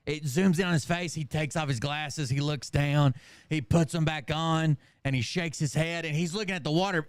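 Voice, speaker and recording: A man casually retelling a movie scene for laughs, animated and profane and cracking up as he goes. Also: on the high side, no echo, studio quality. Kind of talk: casual comedic storytelling.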